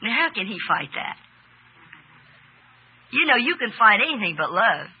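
A woman's voice: a little high, sing-song, breathy edge, phone-quality sound. A woman preaching a sermon, stretching key words for emphasis and putting questions to her listeners. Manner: emphatic, drawn-out stresses, asks audience questions. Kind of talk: sermon with audience exchange.

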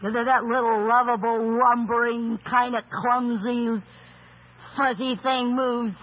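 A slow, deliberate male preacher with a very high, husky voice. He tells his sermon as a story and stresses his points emphatically, sometimes rising to a shout. The sound is thin and tinny, like a phone line. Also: fairly even intonation. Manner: rhetorical questions, storytelling.

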